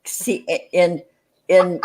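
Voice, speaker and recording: A woman's voice: lowish voice, steady tone, drawn-out words, mellow. A woman on a live stream, chatting casually in an easygoing, slightly puzzled way. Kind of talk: casual chat.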